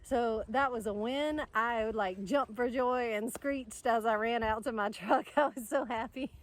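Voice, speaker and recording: A woman, chatty and excitable, telling a story to camera outdoors in the sun and laughing often. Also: a little high, unhurried. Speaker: vlogger.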